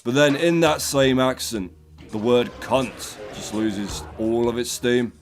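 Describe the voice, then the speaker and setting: A man's voice: mid-range voice, slow pace, a little hiss or hum. An English man hosting a gaming video, delivering a sardonic, profane and rambling comic rant. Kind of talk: comic commentary over gameplay.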